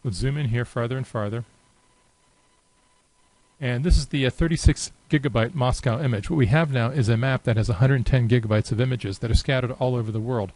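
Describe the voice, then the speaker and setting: Man casually narrating a software demo. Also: medium pitch, no room sound, poor audio. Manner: casual and unhurried, many filler pauses. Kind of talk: unscripted screen-share walkthrough.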